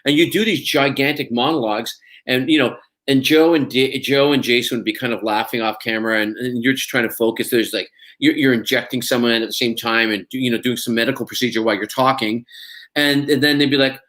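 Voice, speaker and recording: A man at a mid pitch chats loosely about his acting work as an interview guest. He rambles with plenty of ums and restarts, and he laughs often between thoughts. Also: fairly even intonation, fairly quick, a bit bright. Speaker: actor guest. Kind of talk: casual interview chat.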